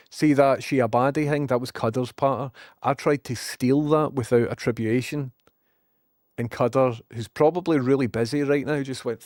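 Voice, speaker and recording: Clean studio audio with no echo captures a man with a Scottish accent, medium pitch, moderate pace, and a somewhat mellow, fairly even delivery. Chatting to his live-stream viewers, he rambles in a sarcastic casual rant, swearing freely.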